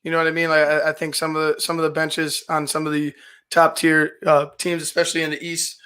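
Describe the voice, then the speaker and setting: A man co-hosting a sports talk show, giving his view in a measured way and thinking aloud as he goes. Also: a little high, completely flat delivery, pushed and bright, clean tone. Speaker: sports radio co-host. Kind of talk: sports talk radio banter.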